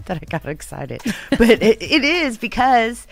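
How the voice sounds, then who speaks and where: A woman co-hosting a local radio talk show, speaking in a fairly low voice. She chats in a bubbly, rambling way and laughs easily. Faint music plays under her voice. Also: animated, normal speed. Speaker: radio co-host. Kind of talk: casual radio chat.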